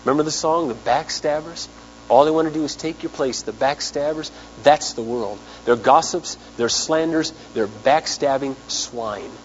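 A man's voice: a little high, normal speed. A man preaching a sermon as pastor, telling stories and asking the congregation rhetorical questions. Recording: dull lo-fi 1990s sermon tape with faint mains hum.

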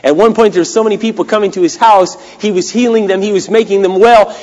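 A man preaching a sermon, swinging between loud cries and hushed, quiet lines. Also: high voice, fairly even intonation, quick pace. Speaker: pastor. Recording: long hall reverb.

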